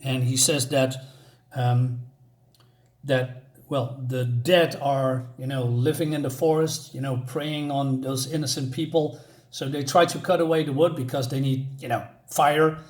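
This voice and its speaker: A man's voice: mid-range voice, fairly even intonation, a little slow. A man casually reviewing a comic book for his channel, rambling with many filler words and restarts.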